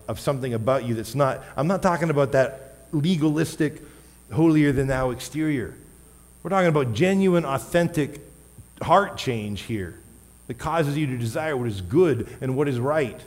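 A man preaching a sermon as a pastor, wearing a microphone, emphatic, with loud stressed words and quiet asides. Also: mid-range voice. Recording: long hall reverb.

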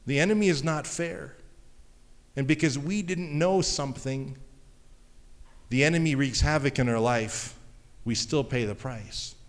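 Joking preacher in a reverberant hall. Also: male voice, medium pitch, a little slow, pauses often. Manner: conversational, jokey, animated asides. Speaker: pastor. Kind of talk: sermon.

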